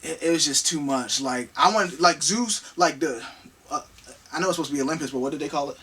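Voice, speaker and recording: A man's voice: fairly high pitch, brisk, pushed and bright, slightly rough, far from the mic. A man co-hosting a casual movie review chat, rambling and slangy, with a taste for big words. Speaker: co-host of movie review show.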